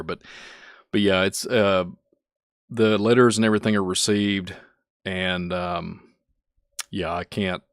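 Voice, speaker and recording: A man with a Kentucky accent, hosting his channel and chatting casually, rambling and chuckling often, turning soft and emotional. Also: fairly low pitch, dry recording, clean studio sound. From Kentucky, USA. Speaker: channel host. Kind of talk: casual thank-you vlog chat.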